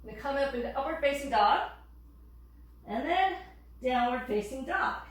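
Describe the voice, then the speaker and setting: A woman instructor calmly cueing breaths and yoga poses while demonstrating, a little out of breath. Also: high voice, moderate pace. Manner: calm cueing of breath and poses, occasional laughs. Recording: very echoey room, distant mic.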